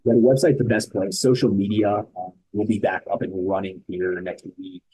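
A man's voice: low voice, a little fast, slightly rough, poor audio. A man, founder of an endurance organization, talking as a guest in a casual podcast interview with emphatic, punchy storytelling. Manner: energetic, emphatic storytelling in short punchy sentences.

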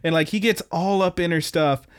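A podcast co-host, a young man with a fairly high, clear and resonant voice at normal speed, recaps anime episodes casually. He rambles, uses profanity, and performs quoted lines in animated voices, all in a laid-back way.

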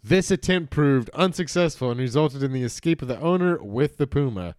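Brief: male podcast co-host, lively swings in pitch, dry close sound, joking and profane, acts out the people he quotes. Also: moderate pace, smooth, no room sound. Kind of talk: casual comedic chat, reading news aloud.

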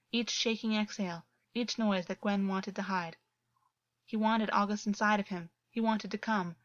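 A woman narrating a story as an audiobook reader, with a steady, even reading delivery. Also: mid-range voice, no echo, dull audio. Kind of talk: scripted narration.

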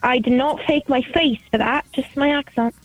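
A woman's voice: high-pitched, moderate pace, dry recording, poor audio. An American woman co-hosting a podcast, playful and giggly with dry jokes in a casual chat. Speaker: podcast co-host.

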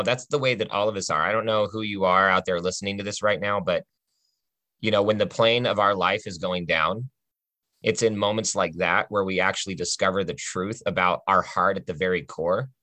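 Man, low-pitched but bright and forceful, earnest testimony storyteller, dry close mic. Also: dry recording. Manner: earnest, conversational, often adds "right?".

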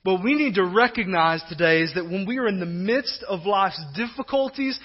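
High-voiced guy preaching a sermon, chatty and animated, kinda muffled recording. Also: moderate pace. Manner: conversational, animated, acts out quoted voices. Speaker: pastor.

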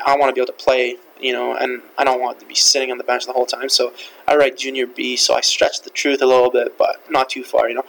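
A man's voice: mid-range voice, vocal fry, a bit bright, a little hiss or hum, poor audio. A young man whose first language is French, hosting a podcast and telling a rambling, profane story full of fillers. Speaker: podcast host. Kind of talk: casual storytelling.

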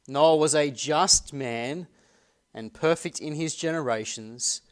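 Earnest male pastor preaching a sermon. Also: on the high side. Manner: earnest preaching, asks the congregation rhetorical questions; reads scripture aloud slowly and deliberately.

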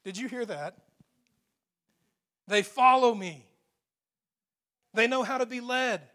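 A pastor preaching a sermon in a church, speaking in a conversational, emphatic way with asides to the congregation. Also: male voice, very high voice, slow pace, long pauses, sharp tone. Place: church sanctuary.

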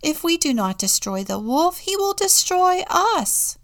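A woman's voice: sing-song, a little slow, full character voice. A woman reading a storybook aloud, voicing a haughty noblewoman who screams her lines. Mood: scornful. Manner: loud, screaming, high-pitched. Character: shrill haughty noblewoman, the countess.

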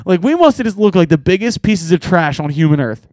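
A man on a podcast casually telling band road stories, animated and swearing, laughing often. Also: high-pitched, brisk, no echo. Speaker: podcast co-host and band member. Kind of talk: casual storytelling chat.

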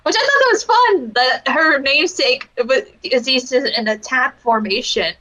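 A woman's voice: high voice, lively intonation, moderate pace, sharp tone, low-quality recording. A woman co-hosting a casual podcast, rambling with lots of fillers as she reviews a wrestling match. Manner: rambling, giggly, full of fillers. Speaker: podcast co-host.

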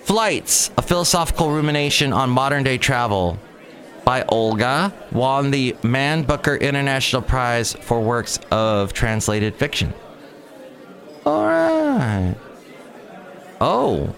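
A man's voice: mid-range voice, a little slow, a bit bright, a faint crowd. A man hosting a show, chatting casually and telling a story with mocking asides. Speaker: host. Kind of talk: casual chat.

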